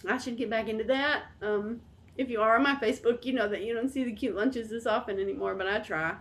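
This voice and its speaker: A woman's voice: on the high side, fairly quick, fairly bright tone. A woman in her thirties talking casually to camera as a vlog host, candid and rambling. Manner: rambling, candid and self-deprecating. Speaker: channel host.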